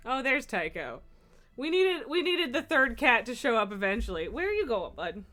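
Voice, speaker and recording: A woman's voice: fairly high pitch, big pitch swings, moderate pace, pushed and bright, soft background music. A woman streaming from home, chatting casually and cooing baby talk at her cats. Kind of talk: casual live-stream chat. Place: home room.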